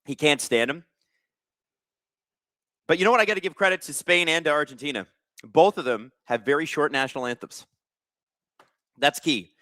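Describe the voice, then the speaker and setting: A man's voice: fairly high pitch, moderate pace, long pauses, sharp tone, dry recording. A young man hosting a live watch-along stream, chatting casually and reading out viewer comments with jokes. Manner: chatty, reads viewer comments aloud, joking. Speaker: livestream host.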